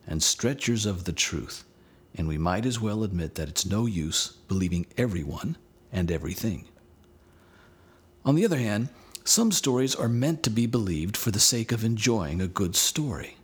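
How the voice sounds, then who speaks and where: Husky, animated male narrator. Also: on the low side. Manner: animated, expressive reading. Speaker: teacher, storyteller. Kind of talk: scripted lesson narration with read-aloud.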